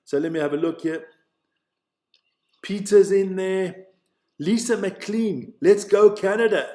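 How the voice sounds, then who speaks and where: This Swiss commentator takes it slowly, his high-pitched voice carrying a roomy sound. He offers chatty, excitable live play-by-play for a stream, stumbling over player names and reading the chat.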